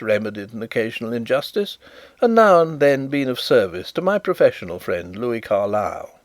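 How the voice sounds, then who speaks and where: A man reading an audiobook, voicing a good-humoured, shrewd male detective with measured delivery. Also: mid-range voice, no echo, lightly acted. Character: urbane blind male detective, genial and shrewd.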